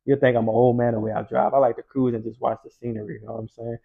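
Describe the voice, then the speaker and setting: A man's voice: medium pitch, flat delivery, very fast, creaky, breathy edge. A young man from Louisiana, telling a story in a laid-back, slangy way. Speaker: vlogger. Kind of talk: casual storytelling. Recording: dull lo-fi recording.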